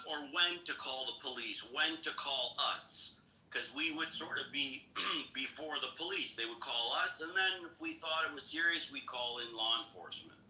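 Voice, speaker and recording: A man's voice: mid-range voice, pushed and bright, roomy sound, far from the mic, slight background noise, rough recording. A man hosting a podcast, telling an anecdote in casual chat, blunt and profane. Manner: blunt, swearing, builds an anecdote step by step. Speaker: podcast host.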